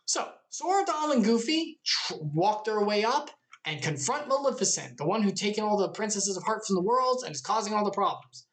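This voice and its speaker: A woman's voice: mid-range voice, very animated, moderate pace. A woman hosting a game lore recap, enthusiastic and playful, often laughing at her own jokes. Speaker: video game lore channel host.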